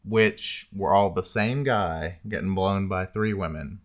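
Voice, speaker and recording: A man's voice: deep voice, measured pace. A man co-hosting a podcast, chatting frankly and casually. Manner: frank, candid and talkative. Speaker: podcast co-host. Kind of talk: casual chat.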